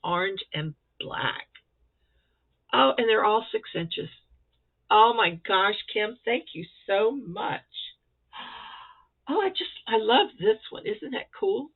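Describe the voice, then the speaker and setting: A woman chatting casually and excitedly as she shows off crochet squares for a vlog. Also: mid-range voice, takes it slowly, creaky, breathy edge. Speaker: crochet vlogger. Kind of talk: casual show-and-tell chat. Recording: tinny phone-like sound.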